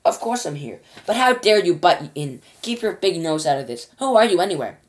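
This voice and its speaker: A woman's voice: lowish voice, sing-song, brisk. Woman as brash astronaut, slangy, cheeky storybook voice. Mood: cocky. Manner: cocky, casual slang, talking back. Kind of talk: children's storybook reading.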